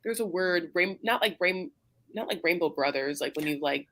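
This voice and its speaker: A woman's voice: on the low side, moderate pace, a bit bright. Rambling, chatty woman co-host. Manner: chatty, rambling, with many fillers and restarts. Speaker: podcast co-host recapping a reality show. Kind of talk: casual chat.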